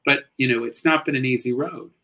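A middle-aged man, a guest actor and comedian, chatting casually in an interview, expressive and animated, swinging between loud and hushed. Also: mid-range voice, brisk, rough recording.

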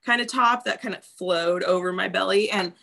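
A woman's voice: medium pitch, moderate pace, creaky, bright, forceful tone. A woman in her thirties talking candidly in casual chat, swearing freely and acting out what people said.

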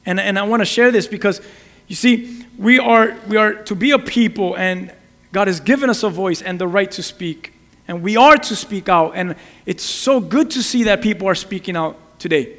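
A man's voice: high voice, moderate pace, fairly bright tone, long reverb tail. A man preaching an earnest sermon, often repeating and restarting his words. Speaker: pastor.

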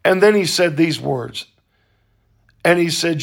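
A man telling a personal story in a slow, halting, earnest way, with frequent pauses. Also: fairly high pitch, lively intonation, vocal fry.

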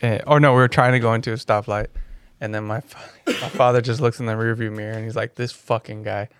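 A man's voice: medium pitch, fairly even intonation, fast talker, noisy background. Chill guy telling a story, swears a lot, easygoing. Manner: laid-back, swears casually. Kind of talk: casual chat, storytelling.

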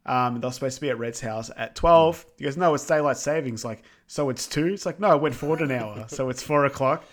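Chatty man recapping a movie. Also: mid-range voice. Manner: chatty, acts out movie lines in quick quoted voices. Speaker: podcast co-host. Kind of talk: casual film recap chat.

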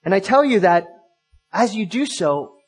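A male pastor giving an earnest, emphatic sermon, pausing and restarting as he works through his points. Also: high-pitched, sing-song, slightly rough.

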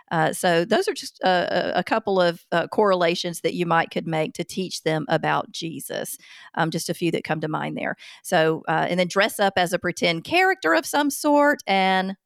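A woman's voice: on the low side, gravelly, no room sound, clean studio sound. Chatty, self-mocking woman podcast host. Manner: chatty and self-deprecating, with frequent ums. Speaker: podcast host answering listener questions. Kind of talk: casual chat.

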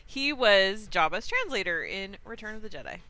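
A woman's voice: mid-range voice, sing-song, moderate pace, bright, forceful tone. A middle-aged woman hosting a casual podcast quiz, giggling often as she talks. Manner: giggly, laughs often between words. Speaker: podcast host running a quiz. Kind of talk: casual chat.

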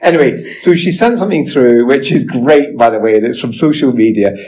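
A man's voice: medium pitch, expressive, fairly quick, hardly any pauses, dark tone, rough recording. A man in his forties hosting a podcast in casual, self-mocking chat with lots of restarts. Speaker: podcast host.

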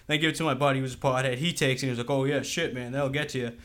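A man's voice: medium pitch, fairly even intonation, racing, fairly bright tone. A young man telling a rambling, profane story in casual chat, peppering it with "dude".

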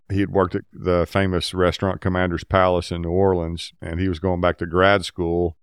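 A man's voice: deep voice, smooth, dry recording, studio quality. A middle-aged man, a guest chef, telling a story in casual chat and acting out the dialogue with free swearing.

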